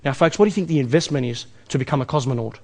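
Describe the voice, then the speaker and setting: A man's voice: mid-range voice, rapid-fire, darkish tone. A man with an Australian accent giving a live investment seminar, energetically quizzing the audience with rhetorical questions. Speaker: seminar presenter.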